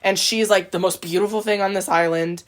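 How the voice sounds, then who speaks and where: A woman's voice: mid-range voice, fairly even intonation, a little fast. A woman co-hosting a podcast in casual chat, talking chattily and filling her sentences with "like". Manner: chatty, heavy use of "like". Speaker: podcast co-host. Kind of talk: casual chat about a video game.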